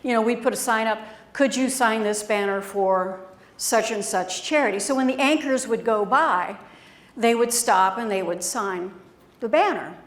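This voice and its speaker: A middle-aged woman speaking as a keynote presenter, her voice sitting a little high for a woman. She tells stories in an animated, conversational way and acts out the quotes. The sound carries the echo of a large room. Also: moderate pace. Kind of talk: storytelling keynote speech. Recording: echoey room.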